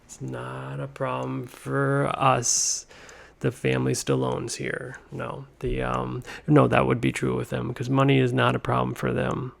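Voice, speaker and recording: A man hosting a comedy podcast, talking in a meandering, deadpan monologue full of tangents. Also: medium pitch, a little slow, vocal fry. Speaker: podcast host.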